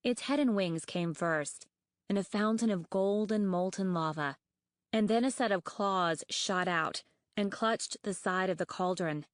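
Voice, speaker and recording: A woman narrating an audiobook in a measured, expressive reading voice. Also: mid-range voice, no echo. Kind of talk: scripted narration.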